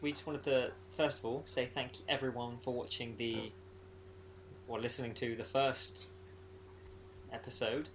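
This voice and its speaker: A man's voice: mid-range voice, flat delivery, normal speed, long pauses, fairly bright tone, slight background noise. A man co-hosting a podcast in casual, joking chat, laughing often. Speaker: podcast co-host.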